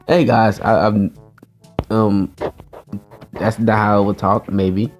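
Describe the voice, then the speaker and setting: Chatty low-voiced man gaming host. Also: flat delivery, takes it slowly, pauses often, soft background music. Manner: chatty, talks to viewers as guys, laughs often. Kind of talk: casual gameplay commentary.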